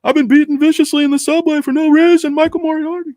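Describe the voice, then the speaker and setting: A man doing a strained, high-voiced TV prosecutor. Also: flat delivery, quick pace, mellow, no room sound. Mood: stern, pleading. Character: stern male TV prosecutor, middle-aged, earnest.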